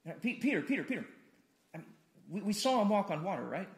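A man's voice: high-pitched, sing-song, quick pace. Man preaching in a roomy hall. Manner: conversational, repeats words, acts out imagined dialogue. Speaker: pastor. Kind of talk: sermon.

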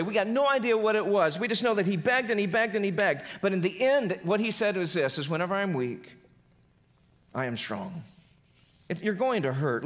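Pastor preaching with dramatic swings. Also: male voice. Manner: dramatic swings from loud emphasis to soft, low delivery. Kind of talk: sermon.

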